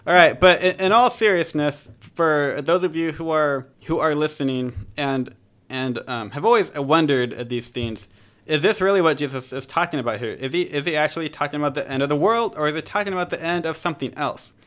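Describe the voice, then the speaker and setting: A man's voice: on the high side, a little fast, a bit bright. A man hosting a podcast, discussing scripture in a conversational, joking way and correcting himself as he goes. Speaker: podcast host. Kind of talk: casual Bible discussion.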